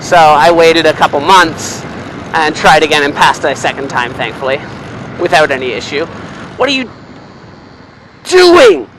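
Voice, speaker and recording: A young man, chatting casually and swearing freely while driving, rambling and excitable. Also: on the high side, normal speed. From Canada. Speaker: vlogger. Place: inside a car, driving in city traffic. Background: faint car and road noise.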